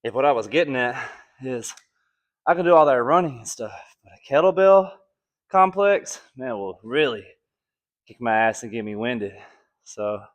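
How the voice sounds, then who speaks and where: A young man from Alabama talking casually through a home kettlebell workout, a little out of breath, joking and counting down reps on a camera mic. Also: medium pitch. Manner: laid-back, joking, counting reps between sets. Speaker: fitness vlogger. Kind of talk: casual workout follow-along chat.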